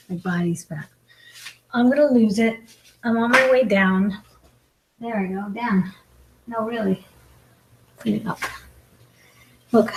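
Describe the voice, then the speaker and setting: On a live video, a comedian and mukbang vlogger in her forties chats casually while eating, mocking herself and complaining. Her voice is mid-range, and the background is noisy.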